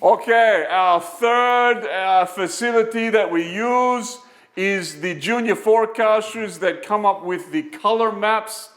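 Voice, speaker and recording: An actor playing a pompous, bossy senior weather forecaster who speaks stiff, halting formal English in a put-on accent. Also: male voice, high voice, fairly bright tone. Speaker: comic actor. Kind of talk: amateur comedy sketch.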